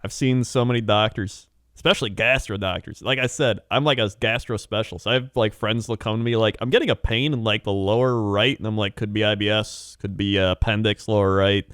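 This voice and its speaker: A man's voice: on the low side, fairly even intonation, a little fast, few pauses, a bit bright, clear, resonant tone, no room sound, clean studio sound. A young man co-hosting a podcast in casual chat, telling rambling stories with frequent laughs and acted-out quotes. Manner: rambling storyteller, laughs often, acts out quotes. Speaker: podcast co-host.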